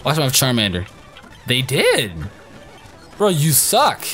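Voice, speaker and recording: A young man commenting on his own game playthrough, excitable, crude and joking. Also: medium pitch, slow, pauses often, soft background music. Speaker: gaming YouTuber. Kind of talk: let's play commentary.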